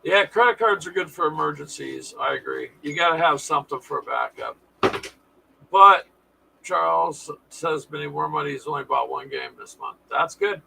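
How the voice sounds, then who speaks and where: A man's voice: fairly high pitch, lively intonation, normal speed, vocal fry, pushed and bright, slight background noise, poor audio. A man hosting a casual live stream, chatting with viewers in a folksy, sarcastic way.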